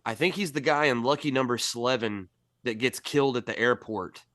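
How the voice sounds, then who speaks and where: A man's voice: mid-range voice, moderate pace, fairly bright tone, dry recording, clean studio sound. A man in a casual movie chat, telling long, rambling side stories. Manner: rambling storyteller, digressive.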